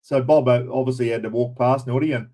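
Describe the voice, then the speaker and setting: A man's voice: medium pitch, fairly even intonation, fast talker, mellow, poor audio. Chatty Australian man, blunt and casual. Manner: chatty and blunt, mild swearing, greets viewers by name. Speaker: livestream host. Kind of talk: casual chat.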